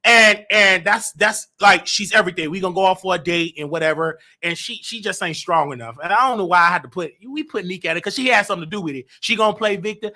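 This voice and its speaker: A man hosting a live call-in show, teasing callers in loud casual banter that swings up to shouting. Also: high-pitched, fast talker, hardly any pauses.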